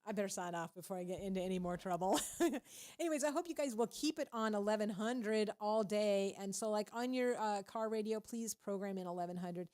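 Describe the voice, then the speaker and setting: A woman's voice: mid-range voice, a little fast, darkish tone. A woman hosting a radio show, talking casually and preachily at a studio microphone with a lot of animation and frequent laughter. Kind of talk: casual faith-based radio talk.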